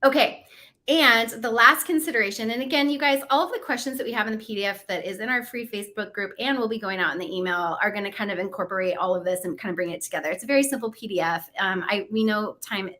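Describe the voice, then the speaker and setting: Upbeat midlife woman host, bright forceful voice, chatty and encouraging on a livestream. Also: medium pitch, fast talker. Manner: chatty and encouraging, laughs often. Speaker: co-host of a goal-setting livestream. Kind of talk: casual motivational talk.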